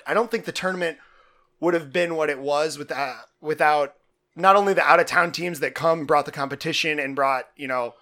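Bright-voiced enthusiastic podcast co-host. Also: male voice, fairly high pitch, fairly quick. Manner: rambling, enthusiastic, lots of fillers. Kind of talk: casual chat.

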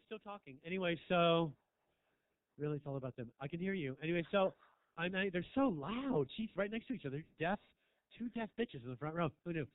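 A high-voiced man doing a stand-up set in a small club. He is sardonic and foul-mouthed and breaks into shrill rants. The sound is tinny and dry. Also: clear, resonant tone, no room sound. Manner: sardonic and profane, with shrill outbursts. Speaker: stand-up comedian.

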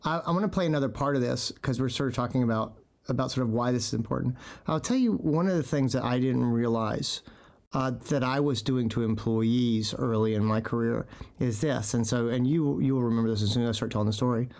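A man's voice: mid-range voice, fairly quick, darkish tone. A middle-aged man, a veterinarian podcast host, telling stories in casual chat and acting out quotes with animation.

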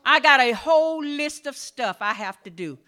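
A middle-aged woman pastor, preaching a sermon that moves between quiet storytelling and shouted exhortation. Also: high voice, animated, normal speed.

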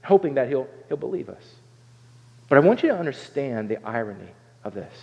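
A man's voice: medium pitch, very animated, fairly quick, vocal fry. A man from Southern Ohio preaching a sermon as pastor, earnest and conversational, often stopping to ask "right?" and restarting phrases. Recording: dull sound with long hall reverb.

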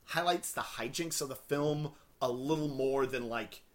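A man co-hosting a podcast, chatting about a movie in a halting way with many restarts. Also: mid-range voice. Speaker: podcast co-host. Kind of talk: casual film review chat.

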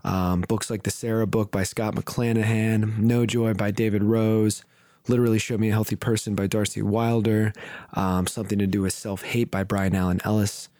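A man's voice: on the low side, flat delivery, moderate pace, warm tone, no echo, clean studio sound. A man hosting a podcast, wrapping up in a loose, rambling, casual way. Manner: rambling, loose, many fillers and restarts. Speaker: podcast host. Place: studio.

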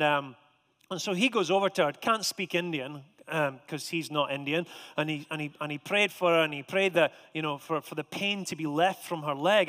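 A man delivers a sermon in a high voice, moving between casual storytelling and slow, emphatic statements. His voice carries a long hall reverb. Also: a bit bright. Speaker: preacher.

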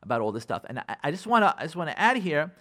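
A man with a fairly high voice talks on a radio show as a rabbi. His marriage advice comes out emphatic and animated, and he acts out what husbands and wives say to each other, with Hebrew and Yiddish words mixed in. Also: rapid-fire.

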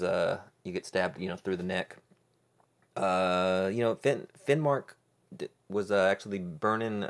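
A man hosting a podcast alone, rambling jokily with many pauses and restarts. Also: sits low. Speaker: podcast host. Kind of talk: casual solo podcast chat.

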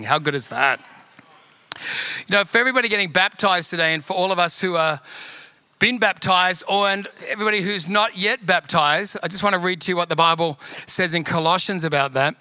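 A man preaches a sermon in a high, piercingly bright voice. He presses his point again and again, calling on the congregation. The sound is close and dry. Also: a little fast, clear, resonant tone, dry recording. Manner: emphatic, repetitive exhortation to the congregation. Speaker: pastor.

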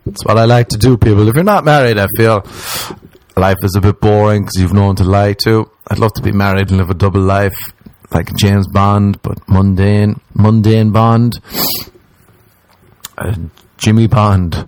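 Rambling Irish man, low and dry. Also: fairly even intonation, moderate pace, a little mellow, dry recording. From Ireland. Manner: rambling, jokey, jumps into mocking put-on voices. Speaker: podcast host. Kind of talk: comedic solo podcast monologue.

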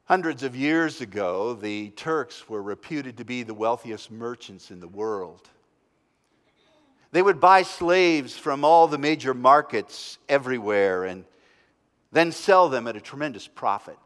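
A male pastor preaching a sermon as a story, dramatic, swinging between loud and hushed. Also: medium pitch, lively intonation, measured pace, big-room sound. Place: church.

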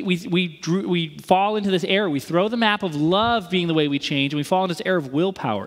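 A man in his thirties preaching a sermon as a pastor, telling stories in a relaxed, conversational way with playful asides. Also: fairly high pitch. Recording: long reverb of a big hall.

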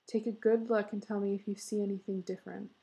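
A woman reading the part of an anxious, sharp-tongued young mother who talks in a tense, scolding way. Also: mid-range voice, level tone, quick pace, lightly acted.

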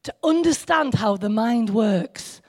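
At a church meeting, a woman speaks slowly in a high-leaning, darkish voice with lively intonation. Her sermon is casual and chatty, and she banters with listeners, jokes at her own expense, and speaks to them directly.

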